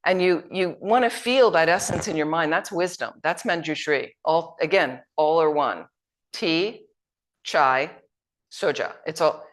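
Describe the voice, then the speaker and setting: A woman teaching at a Buddhist retreat, telling anecdotes in a conversational way. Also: low-pitched. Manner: anecdotal, conversational, acts out quotes. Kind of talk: retreat dharma talk.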